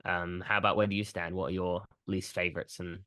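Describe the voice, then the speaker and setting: Casting: male podcast co-host, very low voice, loose and rambling, dry close mic. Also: fairly quick, no room sound. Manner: relaxed, rambling, many "um"s and "like"s. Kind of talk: casual film discussion.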